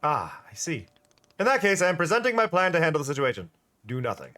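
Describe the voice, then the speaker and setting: A man voicing a calm, idle shopkeeper with a deadpan, stiffly formal delivery. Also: fairly high pitch, quick pace.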